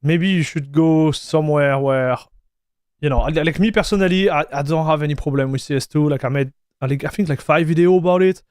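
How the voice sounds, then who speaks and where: A man's voice: fairly high pitch, a little fast, darkish tone, clean tone, dry recording, studio quality. French-accented man chatting on a live stream. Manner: chatty, reads viewer messages aloud, calls people dude and broski. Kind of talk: casual live-stream chat.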